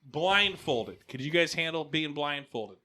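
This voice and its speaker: A man in loose casual chat as a podcast co-host, his voice sitting a bit high with a bright, forceful edge. He teases and pokes at the others with provocative questions, breaking into laughter often. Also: animated. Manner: teasing, quick to laugh, asks provocative questions.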